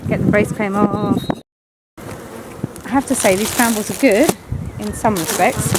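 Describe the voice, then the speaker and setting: A woman's voice: mid-range voice, a little slow. Blunt woman beekeeper outdoors. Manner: chatty, blunt, mildly swearing, coaxing the bees. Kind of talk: casual hands-on commentary while working. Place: outdoors at beehives on a windy day. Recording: loud wind and bee buzzing behind.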